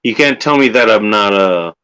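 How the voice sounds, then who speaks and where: A man's voice: on the low side, animated, moderate pace, bright, forceful tone, clear, resonant tone, poor audio. A man co-hosting a casual podcast, talking in a laid-back, wry and careful way. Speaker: co-host.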